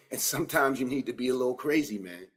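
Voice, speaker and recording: A man's voice: mid-range voice, fast talker, husky. A man hosting a combat-sports podcast, breaking down a fight and talking straight to his viewers with casual slang. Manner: animated, addresses viewers directly with slang. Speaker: podcast host. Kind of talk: solo fight-analysis podcast.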